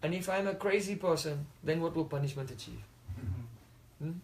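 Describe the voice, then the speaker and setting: A man acting out a serene young sage in a spoken story. He reasons calmly and philosophically, in a fairly high voice close to his own. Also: fairly quick, close to an everyday voice, rough recording. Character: calm, detached young male sage.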